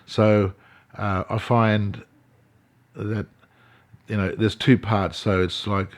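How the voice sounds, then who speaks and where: An older Australian man, an artist and elder, telling his story in an interview, halting, with many fillers and restarts. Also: lowish voice, flat delivery. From Central Australia.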